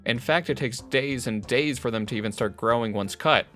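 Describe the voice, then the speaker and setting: Bright-voiced man reading a game aloud. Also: medium pitch, normal speed, faint music behind. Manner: reads narration and lines with joking asides. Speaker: game streamer reading a visual novel aloud. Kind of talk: casual voiced playthrough.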